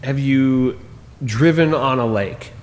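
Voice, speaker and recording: A relaxed man hosting a casual podcast quiz, laughing often between questions. His voice is mid-pitched and carries a long, roomy reverb. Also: slow, slight background noise. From Minnesota.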